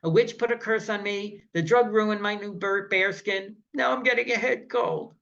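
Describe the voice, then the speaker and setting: Grumbling, hard-luck cartoon Viking read from a comic strip by a male presenter; high, bright voice, dull sound. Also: normal speed, vocal fry. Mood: woeful. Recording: slightly muffled recording.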